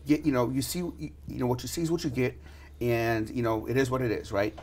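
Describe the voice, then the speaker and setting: A man hosting a casual interview, telling stories excitedly and leaning heavily on filler words. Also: medium pitch, fast talker. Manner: excitable storyteller, heavy "you know" fillers. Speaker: podcast host.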